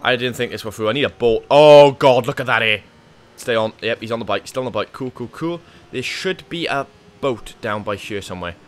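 A man's voice: medium pitch, fairly quick. A man giving live, panicky commentary on his own gameplay, swearing and talking to himself. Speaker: gaming YouTuber.

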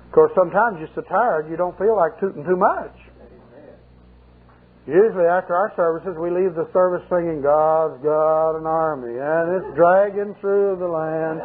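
A man's voice: high voice, husky. An older male pastor preaching a sermon with folksy, humorous storytelling. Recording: muffled 1980 sermon tape, phone-like.

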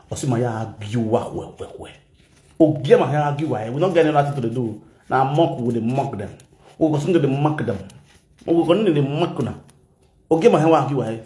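A man with a Nigerian Pidgin English accent giving animated gossip commentary, switching languages and mimicking people. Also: mid-range voice, echoey room. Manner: animated, mixes Pidgin and Yoruba, shouts and mimics. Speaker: gossip vlogger. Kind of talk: excitable commentary vlog.

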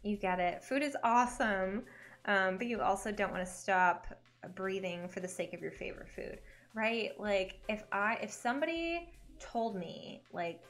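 A woman's voice: mid-range voice, animated, moderate pace, fairly bright tone, soft background music. Chatty giggly young woman streamer. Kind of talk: casual gaming stream chat.

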